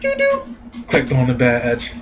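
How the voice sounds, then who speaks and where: A man giving a casual, profane anime review rant, animated and laughing often. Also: medium pitch, moderate pace, rough recording. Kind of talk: casual ranting commentary.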